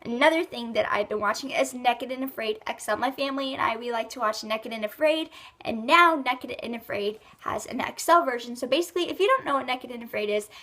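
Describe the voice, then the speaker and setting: High-pitched girly vlogger, stuffy nose, rambly and chatty w/ lots of likes and ums. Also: fairly bright tone. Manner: chatty and rambling, many fillers like "like" and "um". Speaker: beauty and lifestyle vlogger. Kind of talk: casual monthly favorites rambling.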